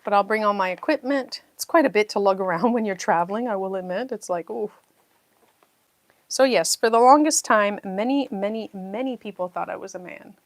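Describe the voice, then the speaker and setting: Speaking at an ordinary pace in a mid-range voice, this middle-aged New Brunswick woman tells stories and reads chat aloud while hosting a casual puzzle livestream. The recording is dry.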